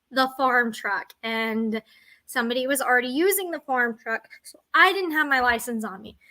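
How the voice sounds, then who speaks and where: A woman's voice: fairly high pitch, fairly bright tone. A young woman telling a personal story to her vlog audience, rambling and self-deprecating. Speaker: vlogger. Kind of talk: casual storytelling to camera.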